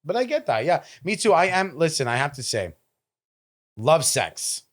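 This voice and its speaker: A man co-hosting a casual podcast, talking earnestly and agreeing often with quick yeahs. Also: a little high, very animated. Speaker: podcast co-host. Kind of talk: casual chat.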